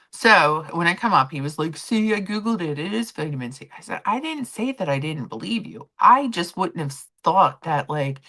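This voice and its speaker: A woman chats through a live stream, her voice low yet swinging widely up and down as she tells stories. She reads out viewers' messages between anecdotes in a loose, talkative manner. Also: fairly bright tone. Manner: chatty storytelling, reading chat aloud. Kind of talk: casual chat with chat readers.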